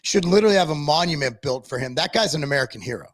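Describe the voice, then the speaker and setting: A man's voice: a little high, lively intonation, racing. A man from Tennessee co-hosting a live-stream talk show, ranting in a sarcastic, mocking way. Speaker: podcast co-host.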